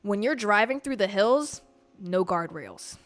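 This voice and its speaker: A woman from Georgia hosts her podcast, recounting a story in a loose, casual monologue. Her voice sits at a middle pitch, and she swears bluntly as she talks. Faint music plays underneath. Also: a little slow. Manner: blunt, profane, animated storytelling. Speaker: podcast host.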